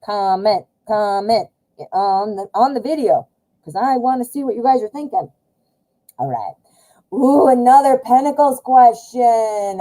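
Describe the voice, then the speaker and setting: A woman's voice: a little high, poor audio. Chatty American woman reading tarot live. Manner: chatty, warm to chat, many fillers and self-corrections. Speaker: tarot reader, live stream host.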